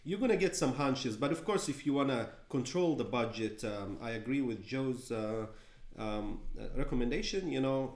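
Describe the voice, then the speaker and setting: A man answering questions as a client, hesitant with many fillers, then picking up in animated bursts. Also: mid-range voice, moderate pace. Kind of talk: casual answers in a Q&A. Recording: echoey room.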